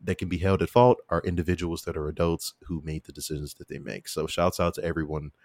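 A young man hosting a podcast, telling a story in casual chat and acting out quoted people in a much higher voice. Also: fairly even intonation, fast talker, a little mellow, no room sound. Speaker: podcast host.

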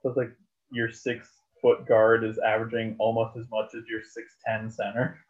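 A man's voice: fairly low pitch, monotone, moderate pace. A man, rambling about basketball in casual chat with lots of fillers and swearing. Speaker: podcast co-host. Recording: tinny phone-like sound.

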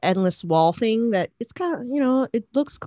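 A woman's voice: fairly high pitch, animated, normal speed, dark tone, dry recording, highs cut off. A young woman, a DJ and producer, chatting in an interview and rambling playfully with lots of fillers. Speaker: DJ and music producer, guest. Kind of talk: casual interview chat.

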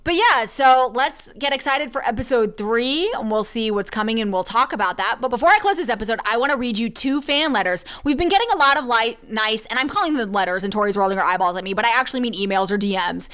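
A young woman co-hosting a podcast, chatting quickly and animatedly as she recaps a TV episode with her sister. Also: a little high, expressive, fairly bright tone. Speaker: podcast co-host. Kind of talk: casual chat recapping a TV episode.

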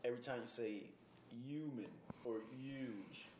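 A man's voice: medium pitch, measured pace, background noise. A man co-hosting a podcast in casual chat, playful and jokey, teasing his co-host. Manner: playful, jokey, bursts into song.

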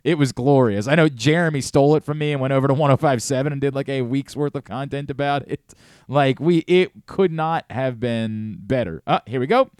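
A man's voice: medium pitch, brisk, darkish tone, clear, resonant tone, dry recording. A man hosting casual sports talk radio, rambling and self-deprecating, on a studio microphone.

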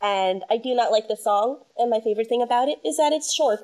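A woman hosting a casual podcast, her voice sitting a touch high for a woman. She banters in a wry, opinionated way, quick to tease and to call things out. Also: darkish tone. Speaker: podcast host. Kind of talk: casual chat.

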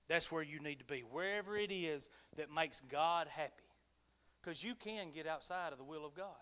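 A man's voice: high-pitched, bright, forceful tone. A male pastor preaching a folksy, humorous sermon in a church service, earnest and colloquial, often chuckling.

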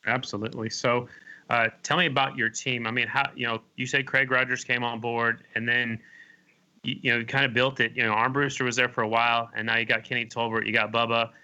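A man's voice: mid-range voice, flat delivery, a little fast, sharp tone, muffled recording. A man hosting a podcast, asking casual questions padded with "I mean" and "you know". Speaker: podcast host.

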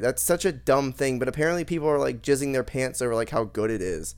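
A young man with a middle-pitched voice talks in loose, rambling casual chat. He swears freely and works himself up into animated rants, full of fillers and restarts. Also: quick pace, clear, resonant tone. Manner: rambling, profane, animated ranting.

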